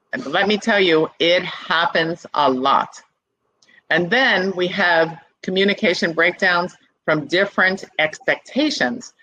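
A co-presenter explains a point step by step in a bright, forward voice, with worked examples. The sound is close and dry, with no room echo. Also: mid-range voice. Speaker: webinar co-presenter. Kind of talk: teaching talk to business couples.

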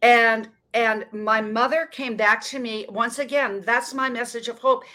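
A woman in her sixties from Montana, telling her story as a guest in an earnest, emphatic way with dramatic pauses. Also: on the high side, fairly even intonation, sharp tone. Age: 60s. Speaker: guest, motivational speaker. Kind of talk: casual interview storytelling.

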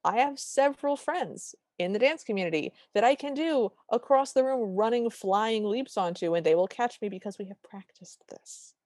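A woman's voice: on the high side, lively intonation, darkish tone, no echo, studio quality. A woman co-hosting a podcast, recapping a movie in casual chat and sarcastically acting out its lines. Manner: sarcastic, acts out dialogue in quick bits. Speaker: podcast co-host.

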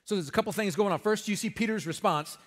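A pastor with a high voice preaches quickly in a conversational, emphatic way, sprinkling in folksy humor. His voice trails off into a long reverb tail.

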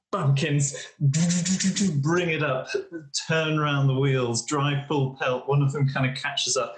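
Laid-back male player in an echoey room. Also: medium pitch. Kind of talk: casual tabletop game play.

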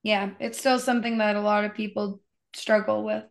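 A woman co-hosting a casual film discussion, teasing dryly and agreeing quietly. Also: mid-range voice, flat delivery, normal speed, gravelly. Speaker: podcast co-host.

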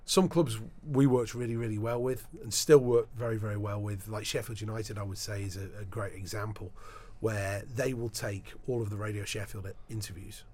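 A man being interviewed as a sports broadcaster, telling animated anecdotes in a casual chat, often restarting his sentences. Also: on the low side, moderate pace, hardly any pauses.

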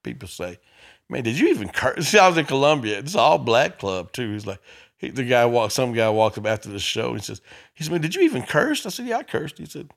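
A male comedian spinning stories in a loose, profane chat, his voice bright and forceful and leaping all over the pitch range. He acts out every character he mentions. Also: expressive, brisk, gravelly. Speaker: stand-up comedian. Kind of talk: casual storytelling chat.

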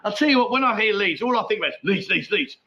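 A man hosts a casual live chat show from his home, rambling through viewer messages with plenty of swearing and laughter. His voice sits high and sounds bright and sharp. The stream audio is a little dull. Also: lively intonation, fast, creaky. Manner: rambling, chatty, swears freely, laughs often. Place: at home with a dog nearby.

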